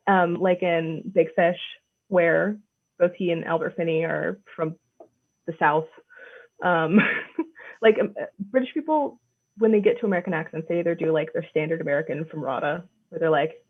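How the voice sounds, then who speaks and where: A woman co-hosting a casual podcast chat, talking in a relaxed, thoughtful way and laughing easily. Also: fairly low pitch, normal speed. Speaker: podcast co-host. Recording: tinny phone-like line.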